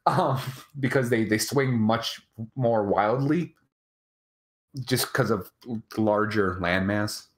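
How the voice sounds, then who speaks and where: An American man co-hosting a casual chat, rambling and halting with many restarts. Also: lowish voice. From United States. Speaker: co-host.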